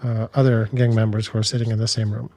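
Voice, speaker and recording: A man discussing war news in a measured, analytical way, speaking bluntly. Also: fairly low pitch, flat delivery, warm tone.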